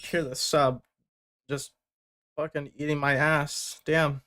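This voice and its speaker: Young man, fairly high voice, blunt and joking, casual swearing, music feedback stream. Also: flat delivery, takes it slowly, pushed and bright. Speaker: music producer giving feedback on submissions.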